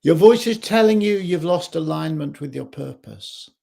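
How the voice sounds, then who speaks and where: A man speaking as a life coach in a slow, measured reflective talk, recorded in his home kitchen. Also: fairly high pitch, animated, gravelly, mellow.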